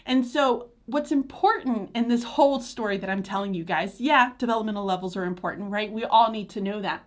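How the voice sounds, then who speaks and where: A woman teacher, talking to parents and teachers in a chatty, animated live chat and laughing easily. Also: mid-range voice, brisk. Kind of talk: informal talk to parents and teachers.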